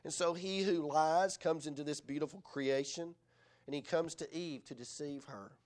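A middle-aged man delivers a sermon in a notably high voice. He preaches earnestly but conversationally, and he leans on rhetorical questions to draw in his listeners. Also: moderate pace, darkish tone. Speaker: pastor.

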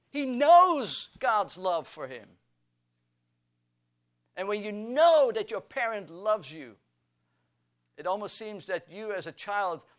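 A man preaching a sermon, slow and deliberate, building emphasis through repeated phrases. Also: sits high, fairly bright tone. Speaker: pastor.

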